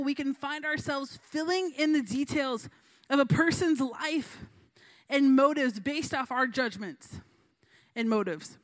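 Young woman, high voice, casual youth sermon full of chatty asides and little acted-out voices. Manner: chatty, lots of fillers and likes, acts out voices in stories. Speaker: youth pastor.

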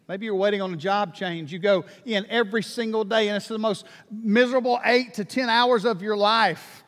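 Man, high voice, pastor preaching, animated, long church hall reverb. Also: normal speed. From Alabama. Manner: animated, repeats words, acts out prayers. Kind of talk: sermon. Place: church sanctuary.

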